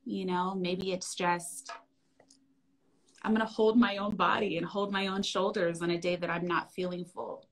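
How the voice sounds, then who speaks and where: Gentle, affirming woman speaking softly. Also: lowish voice, little pitch movement, moderate pace, low-quality recording. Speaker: wellness guest. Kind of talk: heartfelt conversation.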